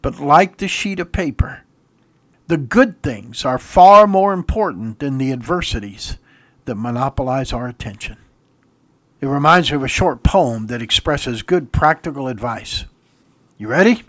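A man's voice: medium pitch, animated, measured pace, fairly bright tone, dry recording. A man preaching a sermon, exhorting his listeners emphatically and laughing briefly at his own stories.

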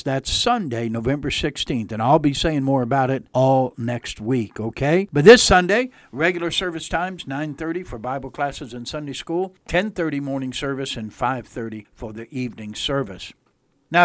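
A man's voice: mid-range voice, dry recording. A man preaching as a pastor on a radio sermon, folksy and earnest, repeating phrases for emphasis.

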